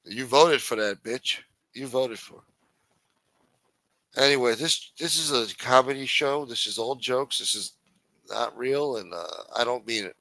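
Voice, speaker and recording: A man's voice: mid-range voice, measured pace, pushed and bright, dry recording, low-quality recording. A man hosting a livestream, ranting in an angry, profane, blunt manner. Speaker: host. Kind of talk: livestream political rant.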